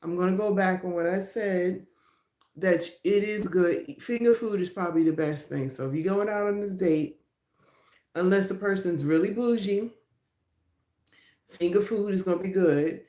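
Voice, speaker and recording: Livestream host: middle-aged woman, chatty and rambling, mellow tone, echoey room over a phone mic. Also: fairly low pitch, moderate pace. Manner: chatty, rambling, laughs often. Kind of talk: casual live-stream chat with viewers. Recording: roomy echo.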